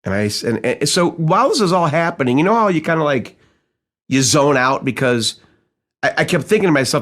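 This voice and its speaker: A man's voice: a little high, expressive, brisk, fairly bright tone. A man teaching sales in a casual, storytelling way, acting out quoted dialogue and asking his listeners rhetorical questions. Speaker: sales trainer. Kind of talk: conversational sales-training audiobook storytelling.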